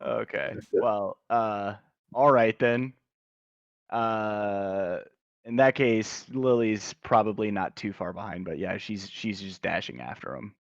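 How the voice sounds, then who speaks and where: A man's voice: on the low side, slow pace, dry recording, highs cut off. A man playing a tabletop game, talking in a hesitant way with many fillers and restarts. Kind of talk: casual game chat.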